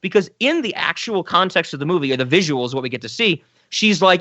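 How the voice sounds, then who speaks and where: A man's voice: a little high, sing-song, brisk, sharp tone, dry recording, muffled recording. A man co-hosting a film podcast, talking enthusiastically and rambling with restarts. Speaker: podcast co-host. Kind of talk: casual film discussion.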